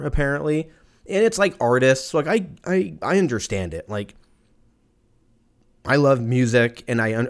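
A man in his thirties hosting a podcast, ranting casually in a profane, rambling, sarcastic way. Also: medium pitch. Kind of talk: casual rant.

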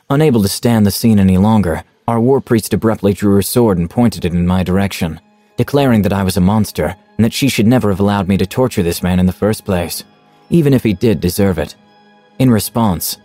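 A man narrating his tabletop campaign in the first person with measured, dramatic storytelling. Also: fairly low pitch, warm tone, no room sound.

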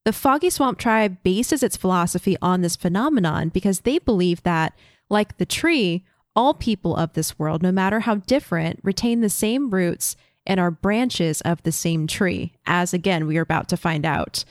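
A woman's voice: on the low side, animated, moderate pace, no echo, studio quality. A woman co-hosting a podcast, explaining lore and theories step by step in casual chat. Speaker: podcast co-host.

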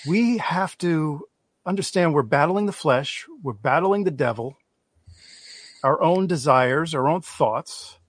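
A man hosting a faith show, giving measured, sermon-like commentary to his viewers. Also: a little high, animated, no echo. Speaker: host.

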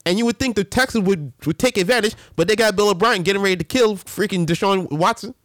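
A man hosting a casual sports rant, animated and full of slang and restarts. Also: high-pitched, fast talker, no room sound, studio quality. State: a little winded. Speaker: sports show host.

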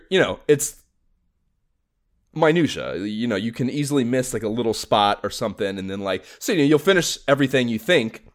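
A man co-hosting a podcast, chatting casually about games, excitable, swearing a lot and laughing often. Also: mid-range voice. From Los Angeles area. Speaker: podcast co-host.

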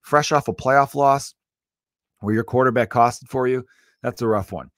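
A man's voice: medium pitch, normal speed, dry recording, clean studio sound. A man, a comedian hosting his podcast, ranting casually with lots of swearing and asides. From Chicago area. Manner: profane, animated ranting with frequent asides.

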